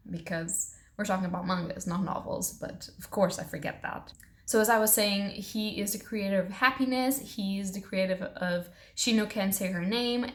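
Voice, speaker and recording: Woman book vlogger, rapid chatty delivery, playful and self-deprecating, casual at-home haul video. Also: mid-range voice. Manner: fast-talking, bubbly and self-mocking. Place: at home, in pajamas.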